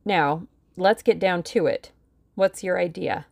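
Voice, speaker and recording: A woman's voice: fairly low pitch, measured pace, creaky, darkish tone. A woman doing a brash rich young man. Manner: brash and blunt.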